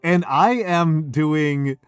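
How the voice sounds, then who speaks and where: A man's voice: on the high side, very slow, clean tone, no room sound, soft background music. A middle-aged man hosting a casual drinking stream from home, rambling and swearing as he keeps interrupting himself. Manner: rambling, profane, self-interrupting. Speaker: streamer host.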